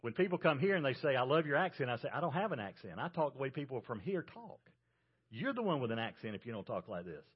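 A male pastor with a Southern US accent preaching a sermon, earnest, rising to emphasis and dropping soft. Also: medium pitch, sing-song, fast talker, slightly rough. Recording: dull lo-fi sermon recording.

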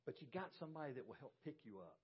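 A man's voice: mid-range voice, big pitch swings, very fast, slightly rough, lo-fi sound. A middle-aged man, a pastor, preaching a sermon with emphasis and putting rhetorical questions to his congregation. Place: church sanctuary.

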